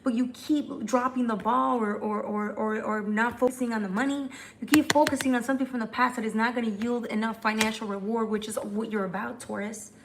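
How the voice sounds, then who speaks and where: A woman doing a live tarot forecast, talking fast and chatty, often restarting mid-phrase. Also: fairly high pitch, fairly even intonation, noisy background. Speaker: tarot reader.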